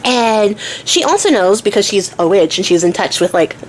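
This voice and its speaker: A woman's voice: mid-range voice, animated, moderate pace, slight background noise. A young woman retelling a myth in a casual, slangy way, swearing and acting out the characters' lines. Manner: slangy, chatty, swears, acts out voices. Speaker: storyteller.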